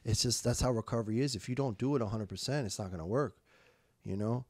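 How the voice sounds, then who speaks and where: Telling his recovery story as a podcast guest, a young adult man speaks in swearing street slang, emphatic, repeating words and quoting himself in candid conversation. His mid-range voice is fast and darkish, and the recording is dry.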